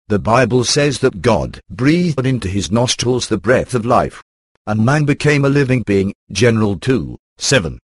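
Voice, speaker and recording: Low-voiced synthetic male book narrator. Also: slightly rough, dry recording. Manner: steady, even reading that pauses to read out verse numbers. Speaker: audiobook narrator. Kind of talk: computer-read book narration.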